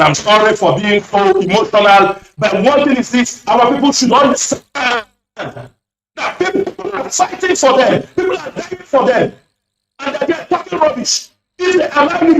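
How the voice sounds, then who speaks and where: A man's voice: extremely high pitch, background noise. A man calling in to a radio show, speaking fiercely and accusingly with lots of repetition. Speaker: caller. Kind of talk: impassioned radio call-in speech. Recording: echoey distant lo-fi phone line.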